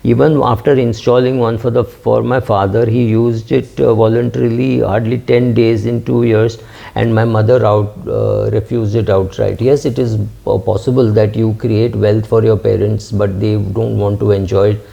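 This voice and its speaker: A middle-aged man hosts a finance channel and answers viewer questions in a casual, halting way, stopping often to fill the gaps. His low voice is dark and heavily gravelly and stays flat in pitch. The recording sounds dull and lo-fi. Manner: hesitant, many fillers and restarts. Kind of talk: casual talk reading and answering comments.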